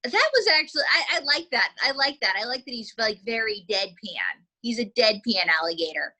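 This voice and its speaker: Bright-voiced woman teaching ventriloquism. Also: a little high, animated, normal speed, rough recording. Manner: chatty, demonstrative. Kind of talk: casual instruction.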